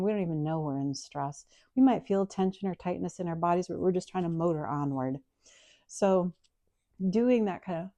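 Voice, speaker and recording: Woman yoga teacher, low warm voice, calm guided instruction, dry close sound. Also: dry recording. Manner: calm, soft-spoken, explanatory.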